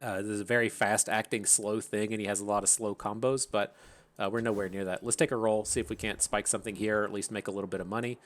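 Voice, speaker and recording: Man, gaming channel host, casual gameplay commentary, chatty, thinking aloud, fairly low voice. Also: steady tone, quick pace. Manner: chatty, thinks aloud, laughs at his own tangents.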